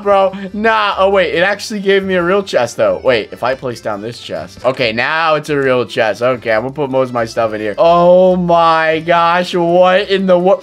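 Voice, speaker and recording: A young man giving excited gameplay commentary as a YouTuber, exclaiming and laughing at surprises. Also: high-pitched, normal speed, faint music behind. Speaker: gaming YouTuber.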